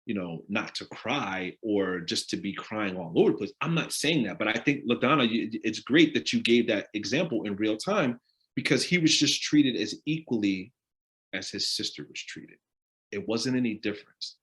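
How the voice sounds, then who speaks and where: A man runs an interactive talk with a lively, rising and falling voice. He speaks in an animated way and keeps asking his listeners direct questions. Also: lowish voice, moderate pace. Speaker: discussion leader on a live stream.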